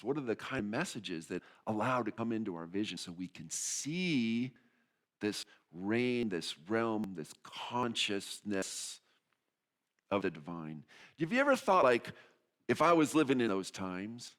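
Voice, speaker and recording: Animated man preaching a sermon. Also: fairly low pitch, measured pace. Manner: animated preaching, acting out voices of people in the stories; repeats key phrases for emphasis. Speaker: pastor.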